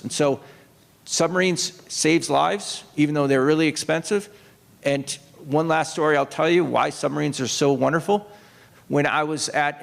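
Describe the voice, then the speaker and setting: A man's voice: mid-range voice, gravelly. A man who is a retired Navy officer and author, telling rambling anecdotes to an audience on a stage, with restarts and quoted voices. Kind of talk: storytelling talk to an audience. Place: opera house stage. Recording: long hall reverb.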